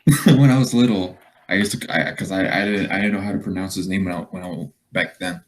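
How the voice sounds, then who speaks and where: Male podcast co-host, lowish voice, reactive and chuckling. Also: fast. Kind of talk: casual chat.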